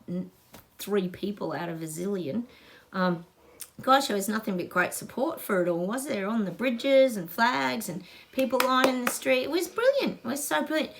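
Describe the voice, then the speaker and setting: A woman's voice: medium pitch, fairly bright tone. A middle-aged Australian woman, a psychic host, talking to viewers in a gushing, emphatic way. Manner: gushing, emphatic, gets emotional. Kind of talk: casual psychic reading to viewers.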